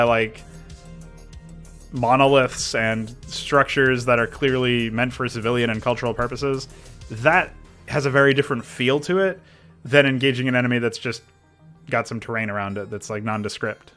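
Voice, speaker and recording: A modding streamer with a mid-range, fairly bright voice talks loosely about design while building a game mod live, replying to chat and frequently restarting his sentences. Faint background music is audible.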